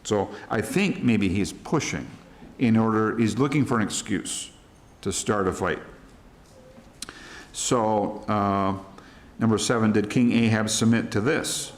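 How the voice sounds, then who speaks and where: With a fairly low pitch and a measured pace, a middle-aged American man guides a church Bible study, going over worksheet questions. He keeps it plain and conversational, retelling scripture in ordinary words.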